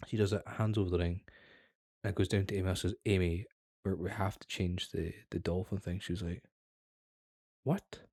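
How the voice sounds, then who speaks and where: A man's voice: low-pitched, steady tone, moderate pace, darkish tone, husky, dry recording, studio quality. A young man, a podcast co-host, chatting casually and telling a long, sweary anecdote with acted-out quotes. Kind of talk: casual chat, storytelling.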